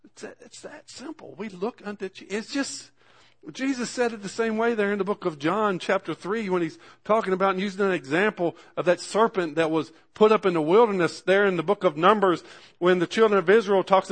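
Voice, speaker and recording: High-voiced fervent man preaching. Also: fairly quick, fairly bright tone. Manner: fervent, repetitive, folksy. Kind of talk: sermon.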